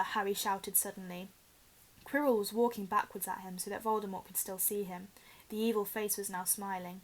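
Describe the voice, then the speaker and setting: A woman teacher reading a children's novel aloud in an expressive, dramatic way. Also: mid-range voice, normal speed, low-quality recording.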